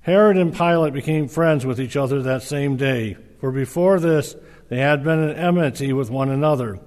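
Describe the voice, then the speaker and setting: A man reading a long scripture passage aloud in a measured, earnest way, with small slips. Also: medium pitch, darkish tone. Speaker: scripture reader. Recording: reverberant hall.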